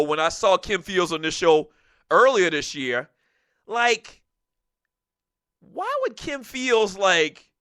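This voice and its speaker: A man hosting a call-in sports talk show, talking in an animated, casual way, laughing often and dropping "man" into his sentences. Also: high-pitched, dry recording, studio quality.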